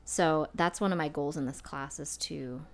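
A woman's voice: sits low, normal speed. A woman co-hosting a podcast in casual chat, chatty and self-deprecating, laughing often. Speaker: podcast co-host.

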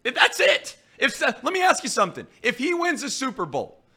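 A man's voice: very high-pitched, huge pitch swings, fast, bright, forceful tone, breathy edge. A man hosting a sports talk show in a studio, arguing his point and posing hypotheticals. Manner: argumentative, poses hypotheticals.

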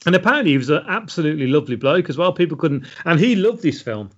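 Man, podcast co-host, slightly higher voice, matter-of-fact trivia delivery, muffled lo-fi recording. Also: sing-song, quick pace. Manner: reads out film facts, dry and matter-of-fact. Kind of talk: casual film podcast chat. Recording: dull lo-fi sound.

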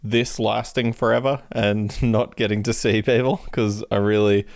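Guest: man, low smooth voice, dry close sound, loose rambling answers. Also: fairly even intonation, normal speed, no echo. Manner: rambling, laughs between answers. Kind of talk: casual podcast chat.

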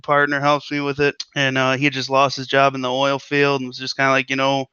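A man's voice: mid-range voice, monotone, brisk, sharp tone, clear, resonant tone, no room sound. A man chatting as a podcast guest in a laid-back, rambling, jokey way. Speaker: guest, stock trading group leader. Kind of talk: casual podcast chat. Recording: dull lo-fi audio.

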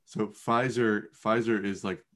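A young man co-hosting a casual podcast, making dry, deadpan jokes. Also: on the low side, unhurried. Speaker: podcast co-host. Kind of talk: casual chat.

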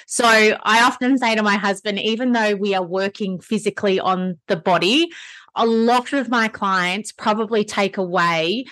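A woman's voice: medium pitch, normal speed, fairly bright tone, dry recording. A woman hosting a podcast and working as a Pilates instructor, talking in an easy, chatty, enthusiastic way. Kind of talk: conversational podcast interview.

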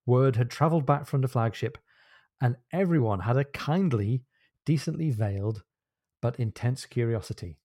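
A man's voice: mid-range voice, normal speed, warm tone, dry recording, studio quality. A man hosting a podcast, retelling a novel's plot with enthusiasm and wry asides. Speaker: podcast host. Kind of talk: casual book discussion.

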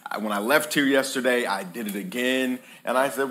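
This preacher, a man of thirty to forty-nine, keeps his congregation laughing and answering back during a lively call-and-response sermon in a church hall. He speaks at medium pitch and a moderate pace, pushed and bright, with few pauses.

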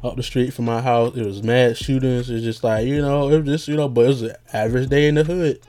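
A man's voice: medium pitch, fairly even intonation, fast, mellow. A young man rambling casually as a podcast host, loose and slangy with lots of fillers and jokes.

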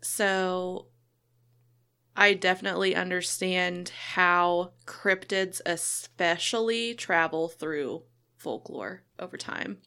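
Slow-talking woman podcast co-host. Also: fairly low pitch, clean tone. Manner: chatty, relaxed, with many fillers. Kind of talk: casual chat.

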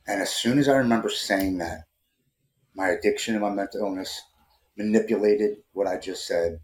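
A man's voice: fairly low pitch, fairly even intonation, moderate pace, long pauses, slight background noise. A man in his forties, a podcast guest, telling a personal story earnestly and emotionally, often repeating words as he starts sentences. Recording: roomy echo.

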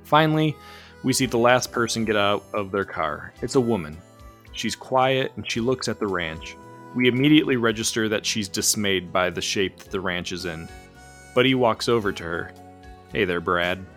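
A man's voice: on the low side, expressive, normal speed, a bit bright, soft background music. A man narrating an improvised comic story, setting scenes like a screenplay.

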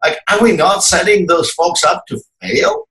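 A man's voice: high voice, normal speed, fairly bright tone. A man from Russia with a Russian accent, hosting a podcast and asking teasing, provocative questions. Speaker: podcast host. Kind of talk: casual podcast chat. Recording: roomy echo.

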